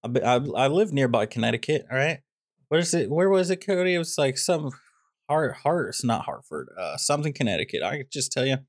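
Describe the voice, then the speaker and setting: A man's voice: mid-range voice, sing-song, a little fast, no room sound, clean studio sound. A man co-hosting a movie podcast, rambling through a jokey, ranting casual review. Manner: rambling, jokey, drifts into mock rants. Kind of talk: casual comedic review chat.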